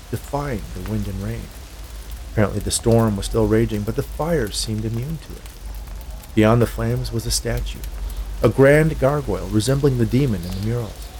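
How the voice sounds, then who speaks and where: A man narrating a scripted horror story in a measured way. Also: lowish voice, gravelly, darkish tone.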